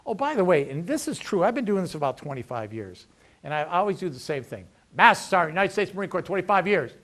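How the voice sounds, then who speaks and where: A middle-aged man giving an energetic career workshop talk, acting out dialogues and punchy sayings. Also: high voice, fast. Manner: energetic, lively, acts out dialogues. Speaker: veterans' employment representative.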